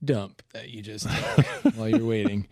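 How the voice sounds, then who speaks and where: A man's voice: on the low side, normal speed, a little mellow. A man on a casual podcast panel, playful and teasing, laughing often.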